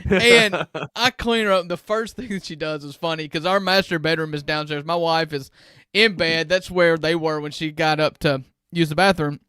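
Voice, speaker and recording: A man, co-hosting a sports podcast and telling stories in an animated way with frequent chuckles. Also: a little high, moderate pace, clear, resonant tone, no echo, clean studio sound. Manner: animated storyteller, chuckles often. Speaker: sports show co-host. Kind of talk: casual podcast chat.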